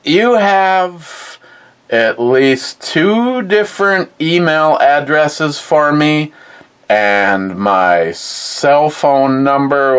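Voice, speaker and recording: Livestream host, male, mid-range voice, slow rambling delivery, blunt and profane. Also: mid-range voice, clean tone, low-quality recording. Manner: rambling, blunt, swears freely. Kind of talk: casual chat, reading viewer comments aloud.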